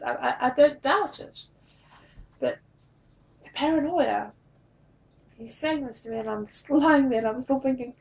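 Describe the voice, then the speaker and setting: A tired, drained woman telling a personal story in a confessional vlog, halting and repeating her words. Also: fairly high pitch, vocal fry, distant mic, rough recording. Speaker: vlogger.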